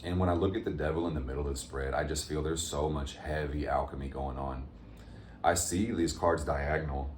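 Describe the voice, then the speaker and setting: Very deep-voiced man reading tarot. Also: steady tone, brisk, a little mellow, reverberant, a little hiss or hum. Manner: upbeat, motivational, addresses viewers as fam and gang. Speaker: tarot reader. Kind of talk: casual tarot reading to viewers.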